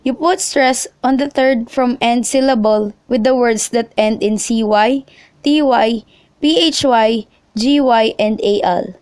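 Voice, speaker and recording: A young woman reading a lesson script aloud, slowly spelling out letters and example words one by one. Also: fairly high pitch, darkish tone, no echo. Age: young adult. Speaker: student presenter.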